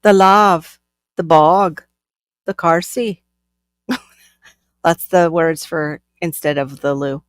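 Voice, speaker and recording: A woman's voice: lowish voice, steady tone, slow, pauses often, no room sound. Giggly chatty woman, dry close sound. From Florida, USA. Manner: giggly, chatty, laughs often. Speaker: channel host. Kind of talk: casual livestream chat.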